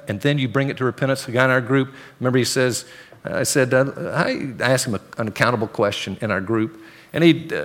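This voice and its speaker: A male pastor preaches to his congregation with a middle-pitched voice. He tells a story and jumps into the dialogue, acting out both sides of the conversation with a louder, higher voice. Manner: storytelling, acts out dialogue in raised voice. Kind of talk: sermon.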